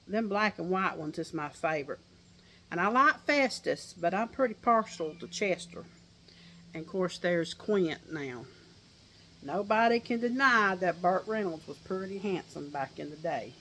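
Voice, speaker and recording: A woman's voice: on the low side, fairly bright tone, slight background noise. An older woman with a Southern accent, chatting folksily to her viewers outdoors on a porch and laughing often. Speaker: crochet vlogger. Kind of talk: casual chat to viewers.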